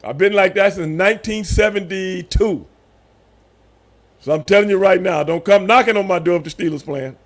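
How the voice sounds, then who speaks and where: A man in his fifties chatting casually on a live stream, telling animated stories with loud voiced outbursts. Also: sits high, moderate pace. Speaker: streamer host.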